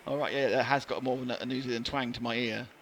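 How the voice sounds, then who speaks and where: A man's voice: mid-range voice, steady tone, quick pace, gravelly, crowd noise. A man doing live race commentary, chatty and joking with his co-commentator. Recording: light background noise.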